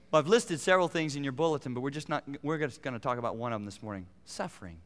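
A middle-aged man preaching a sermon as pastor, animated, climbing to emphatic peaks and dropping to quiet asides. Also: mid-range voice, rapid-fire, hardly any pauses. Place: church sanctuary. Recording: long reverb of a large hall.

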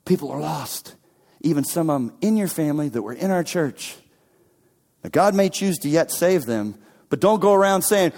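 Man preaching with a lively, swinging voice. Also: on the high side. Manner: dramatic swings from shouts to whispers; repeats key phrases for emphasis. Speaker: pastor. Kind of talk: sermon. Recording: long hall reverb.

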